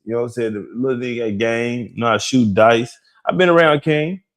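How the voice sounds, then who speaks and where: A man's voice: medium pitch, brisk. A man with a Detroit accent co-hosting a casual gossip talk, drawling and laughing often. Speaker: gossip show co-host.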